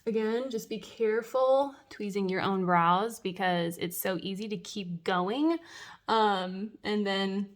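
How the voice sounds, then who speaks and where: Young adult woman, waxing pro, casual how-to, chatty with nervous laughs, slightly high pitch. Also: fairly bright tone. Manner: drops to a whisper while waxing herself. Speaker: waxing professional. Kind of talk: casual tutorial.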